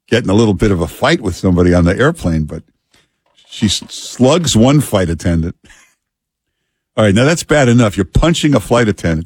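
Husky-voiced New radio host. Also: male voice, low-pitched, no room sound, clean studio sound. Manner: relaxed, frequent "uh" fillers, chuckles. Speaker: radio talk show host. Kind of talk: casual radio banter.

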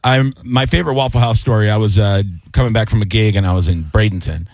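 A man's voice: fairly low pitch, quick pace, vocal fry, darkish tone, no echo. Laid-back man telling stories. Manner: laid-back storyteller, many fillers and restarts. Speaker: co-host. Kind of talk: casual chat.

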